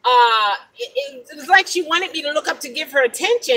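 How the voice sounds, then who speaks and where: A middle-aged woman with an African-American English accent, a rideshare driver telling stories in a casual vlog, animated and incredulous. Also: high-pitched, a little fast, slight background noise, rough recording. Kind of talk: casual talking-to-camera vlog.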